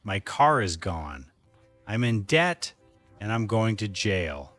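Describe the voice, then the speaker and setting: A man voicing a remorseful husband in a slow learner's storybook. His delivery is pleading and lively in pitch, taken at an unhurried pace, with faint music underneath. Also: no echo, heavily acted. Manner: pleading, desperate. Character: remorseful young husband after drunk crash.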